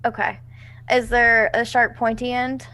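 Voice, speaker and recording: A woman's voice: fairly high pitch, little pitch movement, unhurried, sharp tone. A woman player in a tabletop game, eager and blunt, swearing now and then. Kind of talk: casual tabletop play.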